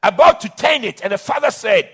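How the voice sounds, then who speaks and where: Husky, high-voiced preacher. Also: male voice, animated, a little fast. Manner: emphatic, impassioned preaching with restarts. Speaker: pastor. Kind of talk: sermon.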